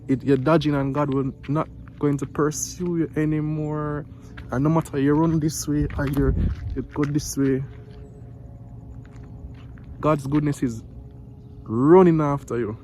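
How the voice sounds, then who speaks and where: A man's voice: medium pitch, a little mellow, slight background noise, poor audio. A middle-aged Jamaican man hosting a family vlog, speaking in a heartfelt, preachy way and stumbling over repeated words. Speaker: vlog host, father. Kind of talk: casual vlog with a devotional message. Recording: guitar music playing behind him.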